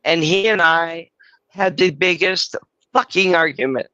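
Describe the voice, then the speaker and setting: A man's voice: fairly high pitch, unhurried, sharp tone, clean tone, dry recording, dull audio. A man from California, hosting a live stream and telling rambling stories in casual banter, swearing freely. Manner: chatty storyteller, swears freely.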